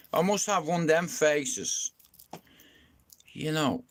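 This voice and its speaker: High-voiced man, rambling and profane. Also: a little slow, a bit bright. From Ireland. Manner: swears freely, rambling, punctuated by "you know what I mean". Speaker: live streamer. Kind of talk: casual storytelling to viewers.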